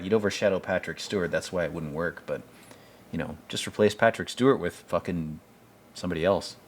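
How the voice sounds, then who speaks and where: Man, very low voice, casual film commentary, profane, rambling, enthusiastic. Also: brisk, a little hiss or hum.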